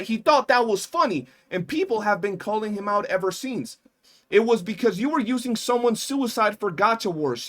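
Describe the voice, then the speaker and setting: Young guy, ranting commentator, slightly high voice, emphatic and indignant. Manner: indignant, emphatic, swears freely. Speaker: commentary streamer. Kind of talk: heated commentary rant.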